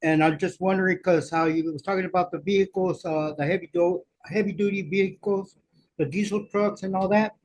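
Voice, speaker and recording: A community member asks a question at a public meeting, wandering and groping for words as he talks. His voice sits high for a man. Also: fairly even intonation, fairly quick, a little mellow, rough recording. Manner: rambling, searching for words.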